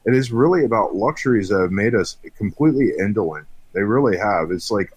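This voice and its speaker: Frustrated man, profane rant, low voice, dead-dry mic. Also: animated, fast talker, hardly any pauses, husky, dry recording. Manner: heated, profane, frequent restarts. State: frustrated, on edge. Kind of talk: angry political rant.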